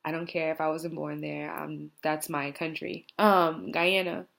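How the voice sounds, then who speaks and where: A woman's voice: sits low, level tone, unhurried, gravelly, fairly bright tone. A young American woman talking reflectively in a personal vlog, rambling with many fillers like "you know" and "like". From United States. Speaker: vlogger. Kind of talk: heartfelt personal vlog talk.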